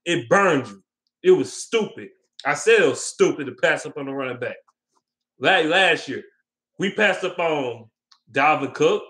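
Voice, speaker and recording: A man's voice: on the high side, lively intonation, measured pace, a bit bright. A man ranting heatedly and with lots of swearing on his vlog, repeating his points and taking viewer questions. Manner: heated, profane, repetitive ranting. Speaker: vlogger. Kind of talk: casual sports rant.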